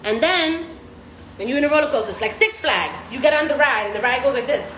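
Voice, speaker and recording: High, animated woman in echoey room. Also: fast talker, slight background noise. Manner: animated, acts out patients' voices; slangy and profane. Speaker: recovery house host. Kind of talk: casual live stream talk.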